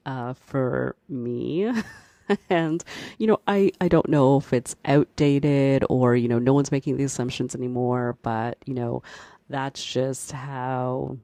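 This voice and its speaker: Gravelly, chatty podcast host storytelling. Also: mid-range voice, darkish tone, no room sound. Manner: chatty, heavy use of "like" and "you know"; laughs often while talking. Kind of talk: casual storytelling monologue.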